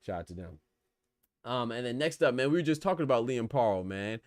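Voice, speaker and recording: Fast-talking man hosting a boxing podcast. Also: medium pitch, lively intonation, dry recording. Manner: rapid, conversational, slangy, shouting out chatters. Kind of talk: casual solo commentary reading live chat.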